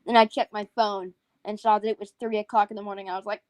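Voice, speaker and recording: A woman's voice: medium pitch, little pitch movement, fast talker, a little mellow, dry recording, dull audio. Woman, stream co-host, tired and rambling, dry close sound. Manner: rambling, restarts a lot. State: tired, yawning. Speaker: livestream co-host. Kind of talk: casual stream chat.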